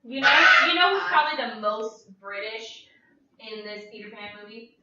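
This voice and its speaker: Teasing female co-host, a bit high, very roomy far-off laptop sound. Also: expressive, moderate pace, bright, forceful tone, highs cut off, a little hiss or hum. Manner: teasing, laughing. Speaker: podcast co-host. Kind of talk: casual chat. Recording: distant, echoey laptop-mic sound.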